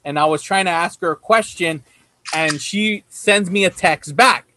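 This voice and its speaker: A man's voice: high voice, normal speed, sharp tone, a little hiss or hum. A man hosting a casual talk show, laughing and swearing as he tells a rambling story. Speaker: podcast host. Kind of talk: casual chat.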